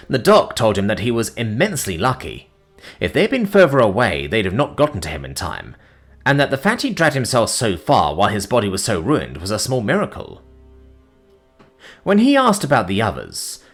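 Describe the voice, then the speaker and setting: Expressive male story narrator. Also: fairly low pitch, breathy edge. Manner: dramatic, expressive.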